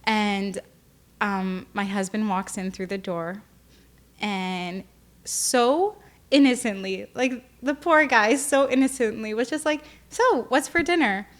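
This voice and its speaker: A woman's voice: medium pitch, fairly even intonation, takes it slowly. A young woman speaking candidly as a podcast guest, often emotional and tearful, with many fillers. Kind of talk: candid personal interview.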